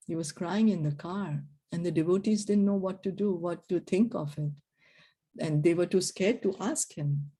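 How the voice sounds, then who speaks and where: A woman teaching a scripture class, explaining verses and telling stories with gentle emphasis. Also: on the low side.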